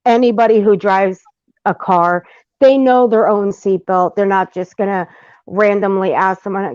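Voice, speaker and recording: A woman hosting a casual livestream panel, blunt and quick to swear. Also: mid-range voice, fairly even intonation, darkish tone, clear, resonant tone, dry recording. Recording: dull, lo-fi call audio.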